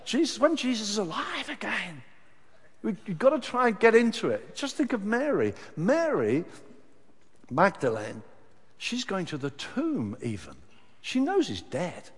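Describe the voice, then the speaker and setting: A man preaching a sermon with passion, moving from hushed, slow passages to loud, high cries. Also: very animated, husky. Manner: impassioned, swings from hushed to shouting. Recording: long hall reverb.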